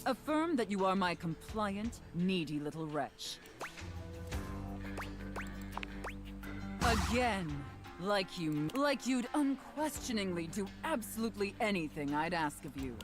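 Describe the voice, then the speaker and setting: Imperious female safe character, low pitch, lively intonation, contemptuous, game voice acting. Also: over music. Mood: commanding. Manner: imperious, contemptuous, slow deliberate. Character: haughty domineering female safe, commanding mistress.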